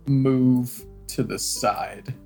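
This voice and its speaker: A man playing a tabletop game, talking in a laid-back, halting way. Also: medium pitch, steady tone, a little mellow, soft background music. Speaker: player. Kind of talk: casual game talk.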